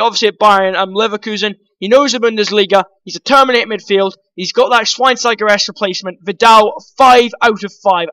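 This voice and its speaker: A man's voice: sits high, pushed and bright, dry recording, poor audio. A man vlogging casual football commentary, rambling and opinionated, talking straight to his viewers.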